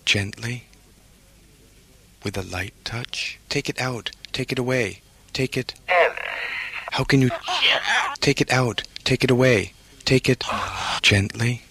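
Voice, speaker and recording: A man's voice: mid-range voice, slow, vocal fry, pauses often, breathy edge. A man performing a repetitive spoken-word piece, chanting the same phrases over and over. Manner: incantatory, repeating phrases over and over. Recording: loud noise with clicks.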